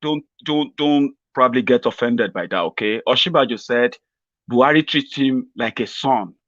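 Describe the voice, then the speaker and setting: A man's voice: medium pitch, normal speed, fairly bright tone, no room sound, lo-fi sound. A Nigerian man hosting a mocking political commentary vlog, rambling sarcastically and laughing at his own jokes.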